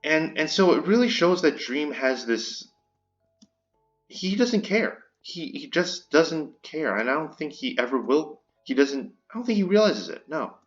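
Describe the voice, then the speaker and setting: A man's voice: fairly high pitch, big pitch swings, a little slow, highs cut off, soft background music. A man delivering an indignant commentary rant, stumbling and repeating words as he vents. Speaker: commentary YouTuber. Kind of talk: ranting commentary.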